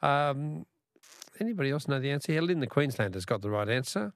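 An Australian man running a talkback radio quiz from the studio, with a gravelly edge to his voice. The sound is close and dry, with no room in it. He chats easily and keeps repeating the question to coax callers in. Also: mid-range voice, sing-song, brisk, no echo.

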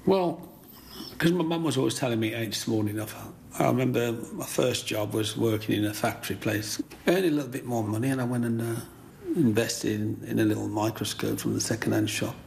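An older man tells his story as an interview guest, his voice heavily gravelly and fried at the edges. He brings the people in his tale to life by acting out their lines. A faint hiss sits under his voice. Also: mid-range voice, fairly quick, darkish tone.

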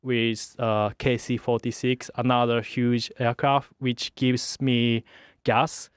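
A young man from Japan with a Japanese accent, a fighter pilot speaking English haltingly with many pauses in a radio interview. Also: mid-range voice, flat delivery, clear, resonant tone, no room sound, clean studio sound. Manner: hesitant, halting English with many uhs and light laughs.

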